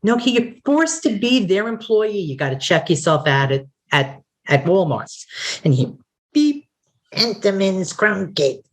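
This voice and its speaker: A woman's voice: medium pitch, animated, unhurried. A woman doing a stand-up set over a video call, playful, laughing between her jokes. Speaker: stand-up comic. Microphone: computer mic on video call.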